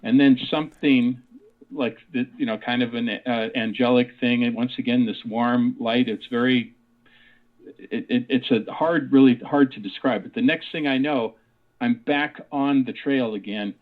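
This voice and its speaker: A man's voice: medium pitch, steady tone, normal speed. Man in his sixties, radio interview guest, phone-line sound, rambling storyteller, lots of fillers. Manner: rambling, with many fillers and restarts. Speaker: guest, author and parapsychologist.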